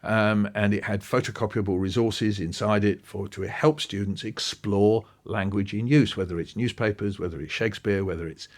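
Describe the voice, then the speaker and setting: A man, an interview guest talking with lively enthusiasm and acting out bits of what he describes. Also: on the low side, moderate pace, hardly any pauses. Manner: animated, quoting and acting out passages. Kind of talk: podcast interview.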